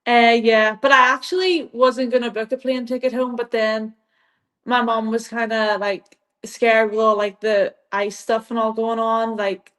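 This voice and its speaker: Young woman, Irish accent, higher pitch, casual rambling interview chat, laughs a lot. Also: fairly even intonation, unhurried, a bit bright. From Ireland. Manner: rambling, laughs often, lots of "like". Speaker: guest athlete.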